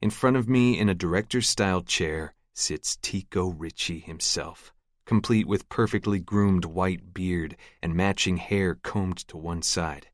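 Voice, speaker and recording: A man narrating a first-person audiobook in a sardonic, deadpan way, close to the mic. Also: low-pitched, unhurried, no echo.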